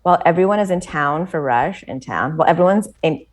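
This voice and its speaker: American woman, podcast guest, animated storyteller, slightly low voice. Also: fairly quick. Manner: animated storytelling, many "like" fillers, frequent laughter. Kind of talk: casual chat.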